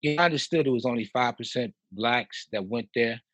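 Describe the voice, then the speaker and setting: A man in his fifties from Chicago, a house music producer telling stories as a podcast guest in a lively way, with frequent laughs and restarts. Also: mid-range voice, brisk, no echo, poor audio. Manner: animated, laughs often, repeats and restarts. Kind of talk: casual storytelling in a podcast interview.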